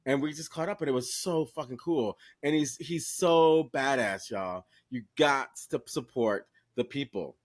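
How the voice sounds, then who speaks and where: A man co-hosting a podcast, chatting casually and telling a lively story, talking straight to listeners and swearing freely. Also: mid-range voice, measured pace, few pauses. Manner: animated storyteller who acts out quoted voices. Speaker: podcast co-host. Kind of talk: casual chat.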